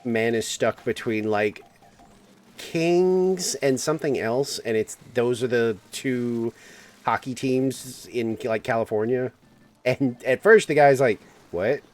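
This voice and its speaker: A man's voice: medium pitch, takes it slowly. A man streaming a game, chatting casually and rambling through stories with frequent laughs. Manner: rambling storyteller, laughs often, acts out quotes. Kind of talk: casual gaming stream chat.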